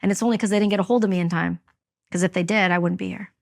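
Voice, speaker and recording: A woman's voice: lowish voice, fairly even intonation, very fast, creaky. A woman from Canada, a veteran and guest, telling a personal story in an interview, candid and blunt.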